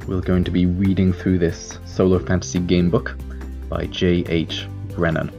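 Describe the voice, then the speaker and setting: A man hosting a podcast, speaking in a friendly, unhurried way as he introduces a gamebook reading. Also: sits low, little pitch movement, a little mellow, muffled recording, faint music behind. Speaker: podcast host and reader.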